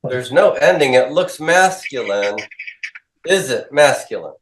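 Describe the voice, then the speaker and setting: A little slow, with lively intonation and a mid-range voice, a man teaches through questions and drills, repeating students' answers. Slight background noise accompanies this call-and-response lecture in an echoey classroom.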